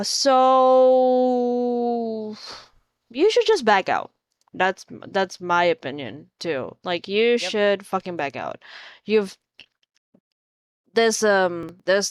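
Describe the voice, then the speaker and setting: A woman's voice: mid-range voice, clean tone, dry recording, studio quality. A woman hosting a casual chat stream, teasing her guest, swearing casually and laughing often. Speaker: livestream host.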